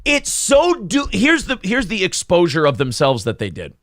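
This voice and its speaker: A man co-hosting a casual podcast, ranting sarcastically and mocking his critics in shouted put-on voices. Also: sits high, huge pitch swings, normal speed, no echo, clean studio sound. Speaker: podcast co-host. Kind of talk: casual profane banter.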